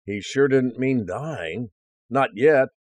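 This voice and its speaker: A man's voice: mid-range voice, lively intonation, slow, dry recording. A male preacher earnestly reading a first-person story aloud as part of a sermon.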